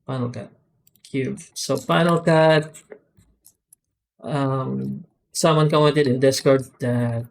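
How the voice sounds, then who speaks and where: In a screen-recorded software tutorial, a man with a normal middle-pitched voice walks through his add-ons step by step. He's methodical but unscripted, often pausing with "uh" and "um" and restarting phrases, with fairly even intonation and some vocal fry.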